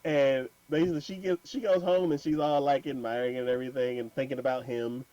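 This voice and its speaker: A man's voice: mid-range voice, brisk, dry recording, highs cut off. A man hosting an anime podcast, retelling an episode in casual chat with lots of fillers and laughter. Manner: animated storytelling with many fillers and laughs.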